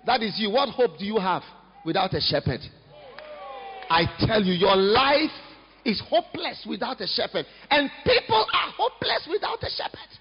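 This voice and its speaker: A male pastor, preaching a lively, humorous sermon in a church. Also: high voice, normal speed. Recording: echoey hall, dull lo-fi sound.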